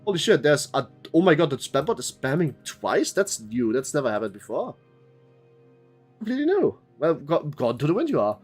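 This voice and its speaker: A man's voice: a little high, sing-song, brisk, slightly rough, soft background music. A young man streaming a game, chatting to his viewers in a rambling, joking way and reading the game's text aloud. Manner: rambling, chatty, thanks chat members, swears.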